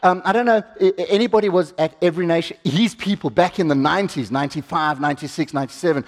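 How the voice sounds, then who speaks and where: High-voiced preacher in a hall. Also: male voice, fast. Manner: conversational, asks the congregation questions, acts out quotes. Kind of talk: sermon. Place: church hall. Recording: reverberant church hall.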